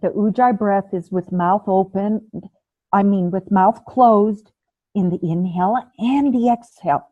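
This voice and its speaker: A woman teaching a breathing class over a video call, calm and patient, demonstrating the breaths aloud. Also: mid-range voice, measured pace, no echo. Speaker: ayurveda and yoga teacher. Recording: phone-like, narrow band.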